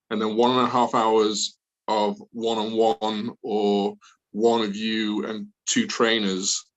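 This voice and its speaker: A man's voice: fairly low pitch, poor audio. A man with a Northern English accent, introducing a public speaking class in a rambling, chatty way with self-deprecating asides. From north of England.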